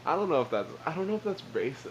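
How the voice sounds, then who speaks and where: A man's voice: a little high, big pitch swings, rapid-fire, lo-fi sound, a little hiss or hum. A young man co-hosting a casual podcast, jokey and rambling, laughing often. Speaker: podcast co-host. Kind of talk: casual chat.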